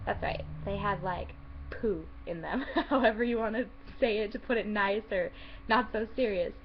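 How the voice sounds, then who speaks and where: A woman's voice: mid-range voice, normal speed. A young woman telling a story about her worst night as a waitress in a chatty, exasperated vlog style, swearing and acting out what people said. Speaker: vlogger telling a work story. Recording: slightly dull lo-fi audio with faint hiss.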